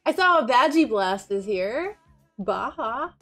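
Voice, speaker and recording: A woman's voice: fairly high pitch, sing-song, slow pace, a bit bright. A young woman streaming live, chatting casually and greeting viewers by name, bubbly and giggly. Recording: with faint music behind.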